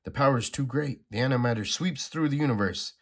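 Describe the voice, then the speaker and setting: A man reads a comic aloud, voicing an anguished, grief-stricken male survivor in a slightly raised, urgent tone. His medium-pitched voice is fast and pushed up, lightly acted, and full of desperation.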